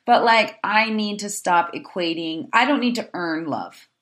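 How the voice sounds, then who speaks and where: A young adult woman co-hosting a podcast, chatting in a lively, animated way with lots of restarts. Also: medium pitch, measured pace. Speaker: podcast co-host. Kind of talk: casual chat.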